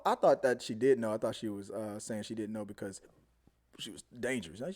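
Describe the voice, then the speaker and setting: A man hosting a casual live-stream review, rambling and animated, often trailing off into mumbles. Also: medium pitch, moderate pace. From Houston, Texas area. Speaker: show host.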